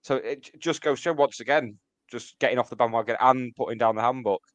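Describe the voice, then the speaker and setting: A man with a smooth, clear voice co-hosts a casual music podcast, talking in a loose, rambling way and pausing to explain things for listeners. He sounds close and dry on the mic. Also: mid-range voice, dry recording. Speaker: podcast co-host.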